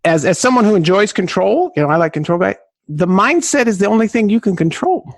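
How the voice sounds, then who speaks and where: A middle-aged man from southern California, a podcast guest telling stories in an exclamatory, high-energy way. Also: lively intonation, fairly quick, gravelly, dry recording. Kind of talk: enthusiastic storytelling.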